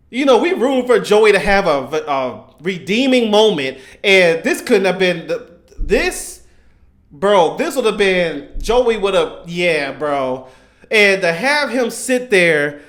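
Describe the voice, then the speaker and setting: Young male vlogger, high voice, excitable casual storyteller who acts out quotes. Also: unhurried. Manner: excitable, rambling, quotes characters in raised voice. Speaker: YouTuber reacting to anime.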